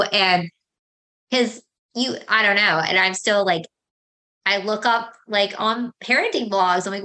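A woman in her thirties hosting a casual podcast chat about motherhood. She talks in an animated, storytelling way and acts out the back-and-forth with her children. Her voice sits at an ordinary middle pitch for a woman. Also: measured pace. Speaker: podcast host.

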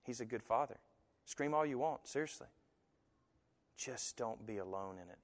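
A man preaching in a church with a long, ringing reverb behind his voice. His voice sits at a middle pitch, and he tells stories with animated delivery. He jumps up into other people's voices whenever he quotes them. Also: normal speed. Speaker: pastor. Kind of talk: sermon.

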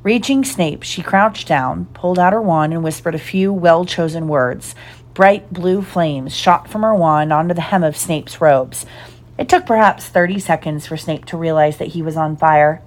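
A woman reading a storybook aloud in an expressive, animated way. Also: lowish voice, moderate pace. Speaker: reader.

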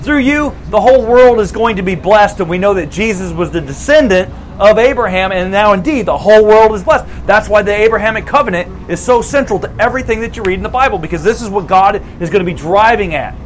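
A man preaching a sermon as a pastor, conversational and animated, repeating phrases for emphasis. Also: sits high, quick pace, hardly any pauses, a little hiss or hum, poor audio.

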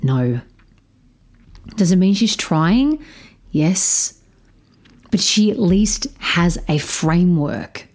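A woman telling a story about parenting her stepdaughter, speaking in a slow, measured, reflective way. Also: fairly low pitch, expressive, a little mellow. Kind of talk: storytelling talk.

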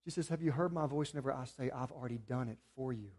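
A man preaching a sermon as pastor. He builds to emphatic peaks, then drops to quiet, earnest appeals. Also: medium pitch, rapid-fire.

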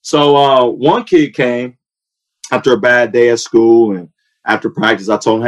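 Animated man telling his story. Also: moderate pace, dull audio. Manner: animated storytelling, acts out quotes with rising pitch. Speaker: youth football coach and sports training founder. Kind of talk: casual testimony in a podcast chat.

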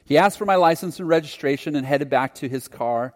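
A man's voice: on the high side, a little fast. Earnest male preacher in a reverberant hall. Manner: earnest, reflective storytelling. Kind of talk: sermon testimony storytelling.

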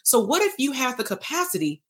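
A woman therapist teaching casually on a livestream, animated and playful, acting out exchanges and swearing lightly. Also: high voice, a little fast. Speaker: therapist leading workshops.

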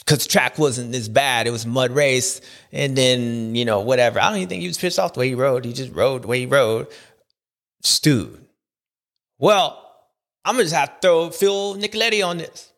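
A man's voice: medium pitch, animated, moderate pace, gravelly, fairly bright tone. A man hosting a casual, joking commentary, talking in slang and mimicking other people. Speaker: host.

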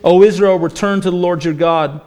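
A high-pitched man delivering a sermon as a pastor. He preaches with passion, surging loud on quoted lines, then sinking to a hushed, low voice for words of mercy. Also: steady tone, brisk. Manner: impassioned preaching, rising to near shouts on quoted lines; drops to a low, soft voice for God's promises.

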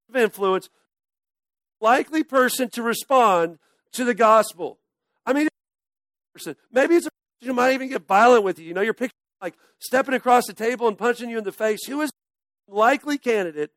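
A pastor preaching a casual, conversational sermon, often dropping to a near-hush at the ends of phrases. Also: male voice, very high voice, no room sound.

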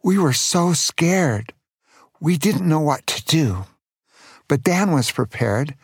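A man's voice: fairly high pitch, animated, takes it slowly, slightly rough, no room sound, clean studio sound. An older man telling a children's adventure story as a grandfather, playful and dramatic, with small jokes.

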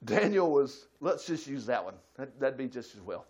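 A man preaching a folksy sermon, swinging from loud bursts to quiet asides. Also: medium pitch, sing-song, normal speed, slightly rough, highs cut off.

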